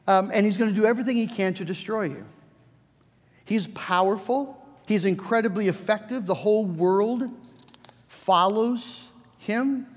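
A man's voice: sits high, big-room sound. A man preaching a sermon as pastor, earnest and building to emphatic peaks, with frequent restarts.

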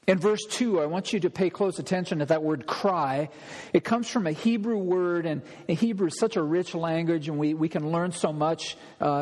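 A man's voice: on the high side, darkish tone. A man preaching an expository sermon as pastor, speaking emphatically and acting out pleading prayers. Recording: long hall reverb.

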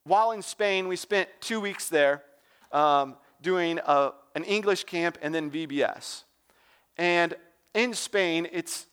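High, smooth-voiced youth pastor. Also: male voice, fairly bright tone. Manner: informal and joking, with lots of "like" and "right?". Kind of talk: casual sermon talk.

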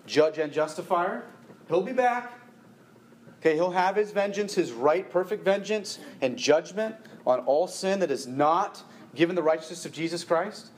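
A man preaching a sermon to a congregation, animated, rising in pitch and force when he presses a point. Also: a little hiss or hum. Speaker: pastor.

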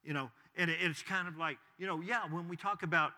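A male pastor with a fairly high, very bright voice delivers a sermon in a loose, conversational way, sprinkling in "you know" and asides. His voice rings out with a long reverb tail, as in a church sanctuary. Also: a little fast.

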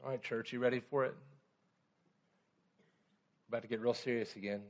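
A pastor preaching a conversational sermon, often checking in with the congregation. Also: male voice, mid-range voice, fairly even intonation, normal speed.

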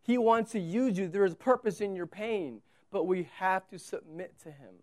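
A pastor preaching a sermon, swinging from loud urgency to hushed storytelling and asking listeners to imagine the scene. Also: medium pitch, moderate pace.

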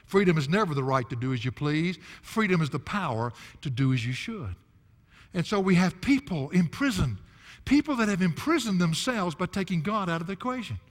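A man's voice: high-pitched, big pitch swings, brisk, long reverb tail. An older man preaching an expository sermon, folksy and emphatic, with chuckling asides. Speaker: pastor.

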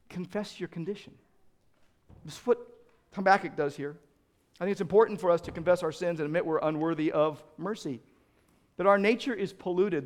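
A male pastor delivers a sermon in an earnest, emphatic way, building to loud peaks and repeating words when he restarts. His voice sits a little high.

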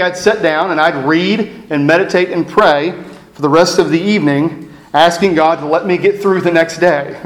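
A man, preaching a sermon as pastor with reflective, self-deprecating storytelling. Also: high-pitched. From East Texas. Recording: echoey room.

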